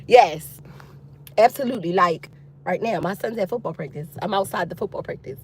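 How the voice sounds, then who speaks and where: A woman vlogger chatting casually with her viewers from outside a youth football practice. She is expressive and loose, with frequent laughter. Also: mid-range voice, brisk, slightly rough. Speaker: single mom vlogger talking to viewers. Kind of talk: casual chat.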